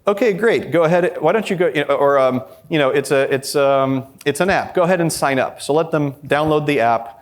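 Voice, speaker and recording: Man, conference workshop speaker, slightly high voice, blunt, informal, acts out quotes. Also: a little fast, hardly any pauses. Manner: acts out quoted dialogue with shifting pitch. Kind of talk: live conference presentation. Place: conference session with a live audience.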